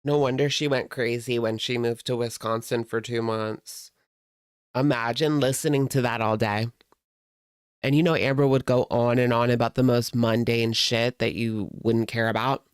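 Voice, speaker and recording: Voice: medium pitch, steady tone, normal speed, clean tone, dry recording, studio quality. A commentary host in casual chat, sarcastic and exasperated, reacting to clips.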